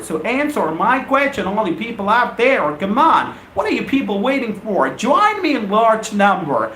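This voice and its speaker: A man teaching an English lesson on a live stream, emphatic and repeating phrases in slow deliberate drills. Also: high-pitched, fairly bright tone, a little hiss or hum. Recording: echoey room with faint ambience.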